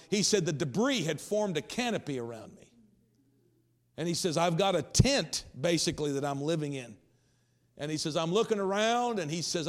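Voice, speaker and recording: Preacher guy telling a story from the pulpit, bit high voice, builds up. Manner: storytelling, quoting with rising intensity. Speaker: pastor. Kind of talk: sermon.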